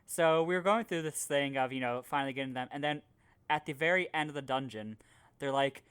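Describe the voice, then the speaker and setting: A man in easygoing conversation, rambling through loose stories from a game night at a steady middle pitch. He talks over a video call, and his voice sits in the plain middle of the range. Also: brisk, clean tone. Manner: rambling storyteller, animated and loose. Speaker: podcast co-host. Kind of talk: casual chat.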